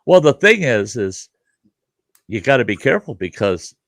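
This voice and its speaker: A man's voice: medium pitch, big pitch swings, moderate pace, fairly bright tone, dry recording, studio quality. A man hosting a casual chat, telling a joke story and acting out the voices of the people in it. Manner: joking storyteller, acts out voices in his tale. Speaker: host.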